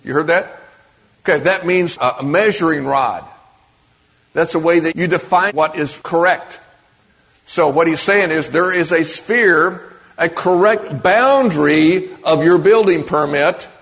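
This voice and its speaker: This is a preacher with a fairly high, fairly bright voice, giving a sermon in a church or meeting hall before an audience. He keeps it conversational and often asks the congregation questions, and a large hall's long reverb colors the sound.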